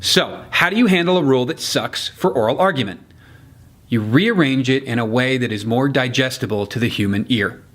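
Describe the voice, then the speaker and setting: A man's voice: medium pitch, a bit bright. Man coaching courtroom argument delivery. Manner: demonstrates courtroom phrasing with deliberate emphasis; casual, blunt asides. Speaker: legal communication coach. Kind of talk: instructional explainer.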